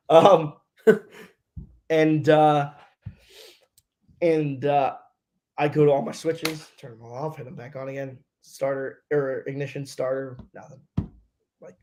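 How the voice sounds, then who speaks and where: A man's voice: a little high, moderate pace, a little mellow. A man, a race car driver, telling a story in a casual interview, acting out radio exchanges and swearing freely.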